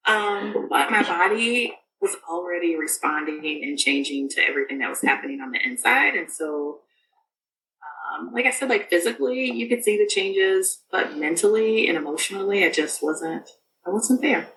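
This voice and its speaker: A woman's voice: mid-range voice, expressive, moderate pace, a bit bright, roomy sound, recorded from a distance, slight background noise, poor audio. A woman guest on a podcast, telling a personal story in casual, rambling speech full of fillers and restarts.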